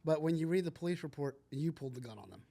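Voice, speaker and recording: A male podcast host with a fairly high voice who talks fast, dropping in quick agreeing remarks while his guest tells a story. His tone is casual and conversational. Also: expressive, vocal fry, dark tone. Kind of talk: casual interview chat.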